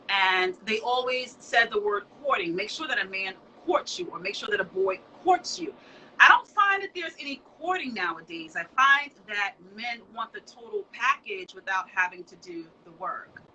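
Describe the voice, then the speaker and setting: A woman's voice: on the high side, pushed and bright, a little hiss or hum, low-quality recording. A woman hosting a casual talk show, frank and joking, laughing often. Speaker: host. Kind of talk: casual chat.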